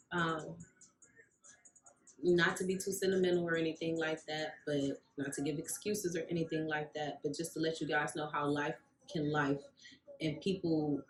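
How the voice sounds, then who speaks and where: Woman telling a story in an echoey room. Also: sits low. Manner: animated storyteller, acts out quoted voices. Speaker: vlogger, rug maker. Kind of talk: casual storytime vlog.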